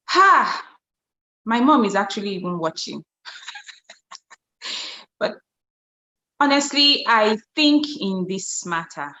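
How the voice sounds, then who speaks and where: A woman's voice: medium pitch, a bit bright, roomy sound. A woman guest on a talk show panel, giving her opinion in a thoughtful, hesitant way.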